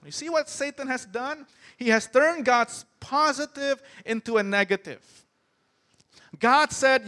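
A man's voice: very high-pitched, unhurried, bright, forceful tone. A man preaching a sermon, emphatic and often turning to the congregation with questions. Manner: emphatic, asks the crowd questions.

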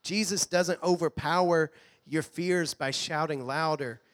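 A man preaching a sermon in a church, earnest, sometimes dropping to a hush. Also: a little high, steady tone, unhurried. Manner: earnest preaching, drops to a hush on quoted lines. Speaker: pastor. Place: church hall.

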